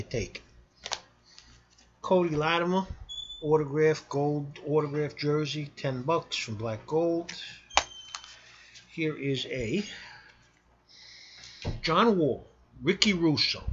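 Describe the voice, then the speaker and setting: A man giving a blunt, pushy casual sales pitch to camera while selling sports cards. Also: a bit bright, highs cut off. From New York. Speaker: sports card seller.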